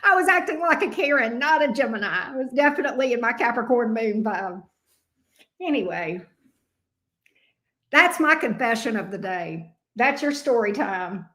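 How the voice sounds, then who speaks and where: High-voiced woman spinning a profane story. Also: animated, moderate pace, pushed and bright. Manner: profane, chatty, self-mocking. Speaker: tarot reader. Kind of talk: casual live-stream storytelling. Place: home tarot office room.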